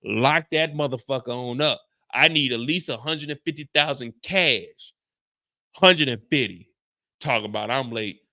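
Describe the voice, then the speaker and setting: A man hosting a casual show recap, telling stories loudly with lots of profanity and acting out the dialogue. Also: mid-range voice, a little slow, dry recording, clean studio sound. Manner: loud, profane, animated, acts out dialogue. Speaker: show host.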